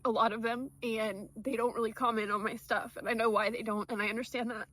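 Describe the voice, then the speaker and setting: A woman's voice: on the high side, level tone, brisk, a bit bright. A woman in a personal vlog, talking straight to her followers in a heartfelt, earnest way. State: tearful. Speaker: vlogger.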